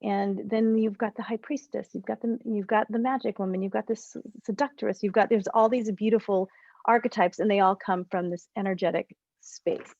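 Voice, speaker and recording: A woman's voice: medium pitch, moderate pace, no echo, lo-fi sound. Rambling woman coaching over video call. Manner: rambling, self-correcting, animated explanations. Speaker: relationship coach. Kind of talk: group coaching session.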